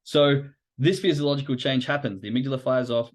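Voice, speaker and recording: A man's voice: medium pitch, steady tone, quick pace. A man hosting a live stream on trading psychology. He talks casually and animatedly, swears now and then, and acts out inner voices. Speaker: host.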